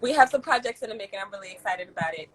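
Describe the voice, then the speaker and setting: A young woman hosting a live community stream, chatting casually with slang, reading messages aloud and giving heartfelt shout outs. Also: medium pitch, animated, very fast, rough recording. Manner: warm, effusive, uses slang and swears, reads chat aloud. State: near tears at times. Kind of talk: casual livestream chat.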